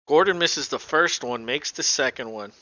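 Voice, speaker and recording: A man's voice: medium pitch, normal speed, sharp tone, no room sound. A male podcast co-host doing casual, offhand live play-by-play commentary and swearing now and then, recorded on a dull lo-fi home mic.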